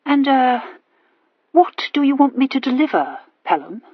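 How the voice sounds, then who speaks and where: A woman voicing a placid, unhurried male earl who speaks calmly, softly and courteously. The recording is dull and dry. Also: high voice, no echo, pitched above the performer's own voice, exaggerated voice. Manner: calm, soft and courteous.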